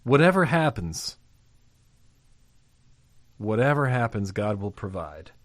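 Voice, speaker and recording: Low-voiced man teaching scripture. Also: very animated, slow pace, no echo. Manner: reads scripture aloud and comments conversationally. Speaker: Bible teacher. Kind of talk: expository Bible teaching.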